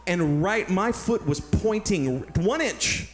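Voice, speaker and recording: Earnest storytelling pastor from San Antonio. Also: male voice, high voice, slow, faint music behind. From San Antonio, Texas. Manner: earnest, animated personal storytelling. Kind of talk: sermon storytelling.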